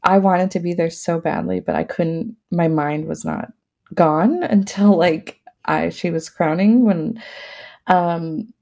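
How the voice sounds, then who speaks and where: Gravelly, mellow-voiced woman telling her story. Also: on the low side, animated, takes it slowly. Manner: laughs often while talking; casual, many fillers. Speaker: podcast guest. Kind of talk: personal storytelling in an interview.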